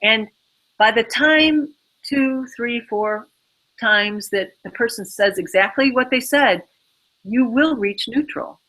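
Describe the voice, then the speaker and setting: A woman's voice: a little high, takes it slowly, fairly bright tone, low-quality recording. A woman being interviewed, giving casual advice in a rambling way, full of fillers and little acted-out bits of inner dialogue. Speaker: interview guest.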